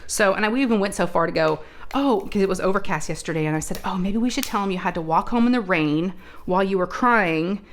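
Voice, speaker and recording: A woman's voice: medium pitch, quick pace. A woman hosting a crafting channel, telling a family story in casual chat, chatty and full of asides. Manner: chatty, animated retelling with many asides and fillers.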